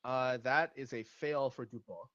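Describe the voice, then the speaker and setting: A man runs a tabletop game as its narrator, hesitant and pausing often. His pitch is middling, and the audio sounds dull and lo-fi. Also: fairly even intonation, a bit bright, no room sound. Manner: hesitant, full of fillers. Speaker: game master.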